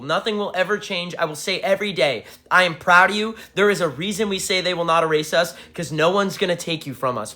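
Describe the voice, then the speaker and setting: A young man, a band frontman, chatting casually with fans on a livestream, excitable and swearing, jumping from topic to topic. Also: high-pitched. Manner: excitable, swearing, hype-driven, jumps between topics. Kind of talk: casual livestream chat with viewers.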